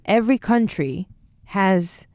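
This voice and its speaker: A young woman in her twenties from Bulgaria, speaking English in a casual podcast chat, animated and opinionated. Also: medium pitch, no echo. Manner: animated, opinionated, quick asides. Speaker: podcast co-host, university student.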